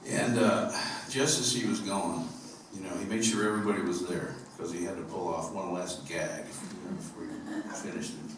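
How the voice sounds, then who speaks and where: With a deep, steady voice at a normal pace and barely any pauses, a singer-songwriter from upstate New York tells humorous, rambling stories full of fillers between songs on a theater stage. The live concert recording sounds echoey, distant and noisy.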